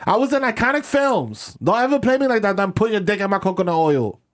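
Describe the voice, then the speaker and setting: A man's voice: high voice, expressive, fast. A man voicing a furious, domineering actress with a New York accent who berates and barks orders. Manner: berating, insulting, barking orders. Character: foul-mouthed furious actress woman, domineering.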